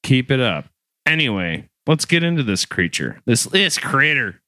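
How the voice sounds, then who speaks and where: A man co-hosting a podcast talks in a chatty, teasing, rambling way. His delivery is lively and his tone forceful and bright. The recording is close and dry. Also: mid-range voice, moderate pace, no echo. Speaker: podcast co-host. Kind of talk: casual podcast chat.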